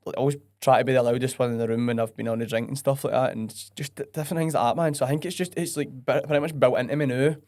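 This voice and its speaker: A man's voice: medium pitch, steady tone, very fast, hardly any pauses, darkish tone. A young man with a West of Scotland accent, a podcast guest chatting casually and bluntly, swearing and using lots of fillers. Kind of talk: casual chat.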